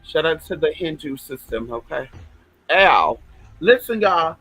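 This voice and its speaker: A man's voice: a little high, lively intonation, measured pace, a bit bright, slightly rough, no room sound, poor audio. Sassy flamboyant man chatting on stream. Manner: sassy, flamboyant, swears freely. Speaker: livestream host reading viewer comments. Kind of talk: casual chatty livestream.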